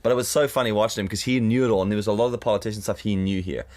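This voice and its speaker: A young man co-hosting a casual podcast chat, animated and sweary. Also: fairly low pitch, racing. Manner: animated, sweary, bursts into mock shouting. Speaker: podcast co-host.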